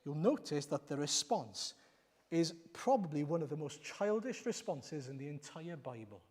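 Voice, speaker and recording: Male preacher, fairly high voice, emphatic sermon delivery, long church reverb. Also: animated, moderate pace, a little mellow, slightly rough. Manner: emphatic, rhetorical questions, repeats lines.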